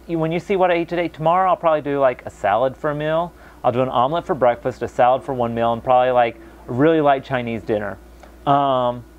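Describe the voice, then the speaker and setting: A young American man talking casually to camera, animated, mocking other people's voices when quoting them. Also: mid-range voice, muffled recording. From United States. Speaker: vlogger.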